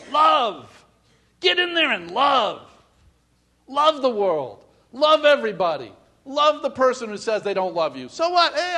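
A middle-aged man preaching a sermon, acting out little scenes and swinging from soft asides to loud calls. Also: high voice. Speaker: pastor.

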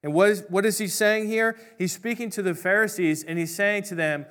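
Middle-aged male pastor, slightly higher voice, relaxed joking sermon delivery. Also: normal speed, few pauses, smooth. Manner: conversational, jokey storytelling with voiced asides.

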